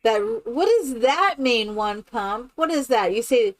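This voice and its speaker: Slow-talking chatty woman streamer. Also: fairly high pitch, expressive. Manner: rambling, chatty, exclamatory. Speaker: live-streaming gamer. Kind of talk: casual live-stream chat while playing.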